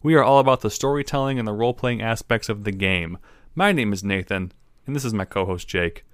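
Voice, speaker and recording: A man hosts a casual podcast, trading jokes with his co-host. His voice sits on the low side. It is recorded close and dry, with no room sound. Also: a little fast, smooth, dry recording. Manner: joking, playful banter.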